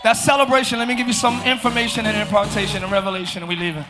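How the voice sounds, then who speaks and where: A man preaching a live sermon as pastor, shouting and calling out to his congregation. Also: sits high, flat delivery, very fast. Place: church sanctuary.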